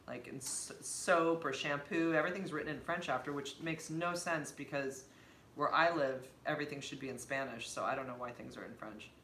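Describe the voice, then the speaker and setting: Bright-voiced chatty woman in an echoey room. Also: rumbling low, brisk. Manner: chatty, laughs often, animated. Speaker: co-host of a live stream. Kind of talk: casual live-stream chat. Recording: echoey room with faint background noise.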